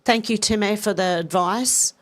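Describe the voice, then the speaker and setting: A woman's voice: medium pitch, moderate pace. Chatty Australian woman live-streaming. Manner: chatty, effusive, warm thanks, many restarts. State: slightly congested with a cough. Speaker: livestream host. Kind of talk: casual live-stream chat, reading viewer comments.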